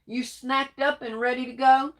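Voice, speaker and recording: Woman, crafting livestream host; warm pet names for viewers, sneezing between comments. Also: high-pitched, fairly even intonation, moderate pace. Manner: affectionate, calls viewers baby and darling. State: sneezing and coughing. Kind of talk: casual livestream chat reading comments.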